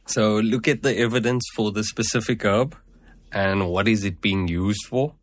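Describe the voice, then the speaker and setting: A man with a very deep voice talks through his answers in a measured, explanatory way, pausing on fillers as he builds each point. He sounds like a practitioner being interviewed, steady rather than showy. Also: no echo. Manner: measured, explanatory, many "at the end of the day". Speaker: herbal medicine practitioner guest.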